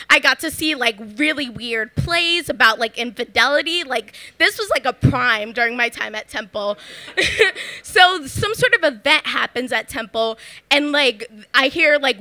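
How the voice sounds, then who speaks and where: Bright, high-voiced young woman storyteller. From Philadelphia. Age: young adult. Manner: chatty, full of "like" fillers, laughs often. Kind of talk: live comedic storytelling. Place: live story slam at a bar venue.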